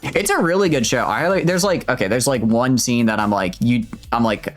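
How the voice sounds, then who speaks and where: A male streamer talks his way through a video game in a loose, rambling manner, often cutting himself off mid-sentence and going off on tangents. His voice sits at an ordinary middle pitch, with quiet music running underneath. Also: lively intonation, moderate pace. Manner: rambling, chatty, self-interrupting, reads game dialogue aloud. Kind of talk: casual let's-play commentary.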